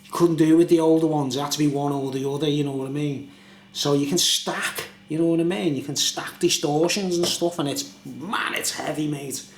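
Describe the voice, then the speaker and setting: A man's voice: a little high, fairly even intonation, a little fast, roomy sound, a little hiss or hum. A British man chatting in a rambling, casual way for his vlog, often asking "you know what I mean?". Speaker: YouTuber reviewing beer.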